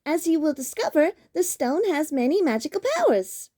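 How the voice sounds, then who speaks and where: Lady doing a sweet pink loch monster voice, high and bouncy, soft and gentle, storybook vibe. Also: big pitch swings, normal speed. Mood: cheerful. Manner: high, sing-song and gentle. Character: friendly pink female plush loch monster. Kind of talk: storybook character voice.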